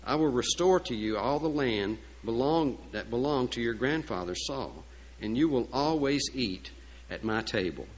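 Man doing a kind old-time king, calm and reassuring, measured. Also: mid-range voice, close to an everyday voice. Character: kindly, calm ancient king.

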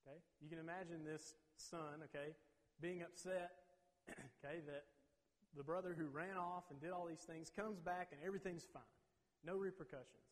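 Male Bible teacher, bit higher pitch, keeps checking "okay?", reverberant hall sound. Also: fairly even intonation, moderate pace. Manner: peppers talk with "okay?" checks. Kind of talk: teaching a Bible lesson to a group. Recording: long reverb.

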